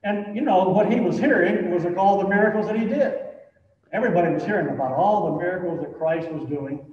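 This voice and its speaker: A man's voice: sits high, fairly quick, slight background noise. A man preaching a sermon as pastor, talking in a conversational way with many "you know"s and building to emphatic points. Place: church sanctuary. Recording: echoey church hall from far off, dull sound.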